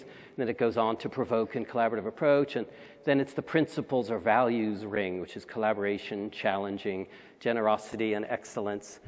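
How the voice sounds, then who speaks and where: A man's voice: on the low side, darkish tone. A man giving a conversational conference talk with wry asides, recorded in a large hall. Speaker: conference speaker.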